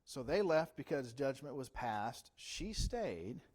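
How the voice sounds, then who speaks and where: A male pastor delivering an evening Bible study sermon in a church, with a voice of middling pitch. He talks in a loose, conversational way, tossing rhetorical questions to his listeners as he teaches. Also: sing-song, slow pace, a little mellow.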